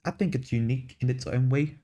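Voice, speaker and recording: A man's voice: medium pitch, steady tone, fast, mellow. Rambling man with mixed Australian-English accent. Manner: rambling, self-deprecating, swears casually. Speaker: VTuber streamer. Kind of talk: casual stream chat.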